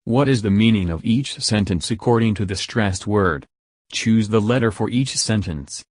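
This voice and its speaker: A man narrating a scripted English pronunciation lesson in a measured, instructive way. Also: fairly low pitch, no room sound, studio quality.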